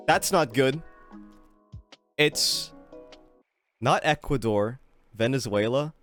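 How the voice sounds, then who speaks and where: A man streaming a guessing game, chatting casually, swearing freely and poking fun at himself. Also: medium pitch. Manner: swears freely, animated and self-mocking. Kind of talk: casual live-stream commentary.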